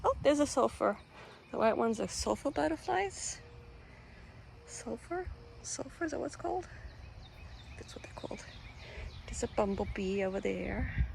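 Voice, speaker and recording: A woman talks casually to her phone camera while filming her cats, cooing at them and then lowering her voice. Her pitch sits in the middle range. Faint outdoor noise runs under her voice. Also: creaky, a little mellow. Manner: chatty, coos at her cats, sometimes drops to a whisper. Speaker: vlogger. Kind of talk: casual vlog chat. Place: backyard outdoors, then indoors.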